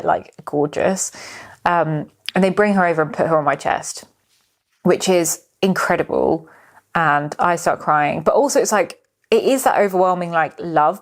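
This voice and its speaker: A young woman from the United Kingdom hosting a podcast, telling a personal story in a candid, chatty way, swearing freely and filling with "like". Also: lowish voice. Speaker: podcast host. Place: indoors, filming herself.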